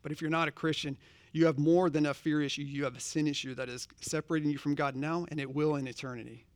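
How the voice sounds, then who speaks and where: A man's voice: fairly high pitch, steady tone, fast talker, clear, resonant tone, no room sound. A man preaching a sermon, earnest and conversational, posing direct questions to his congregation. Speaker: pastor.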